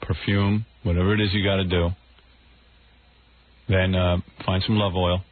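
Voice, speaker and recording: A man's voice: deep voice, level tone, moderate pace. A middle-aged man hosting a radio show, telling a raunchy story in a brash, boastful way and acting out the quotes. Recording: tinny phone-like radio audio with faint hiss.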